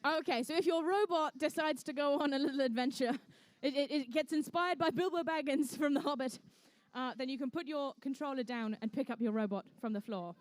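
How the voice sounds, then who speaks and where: A woman's voice: high-pitched, brisk, hardly any pauses, no room sound. A young woman emceeing a live competition, chatty and jokey with the teams as she calls the action. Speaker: event emcee and commentator. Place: indoor conference venue.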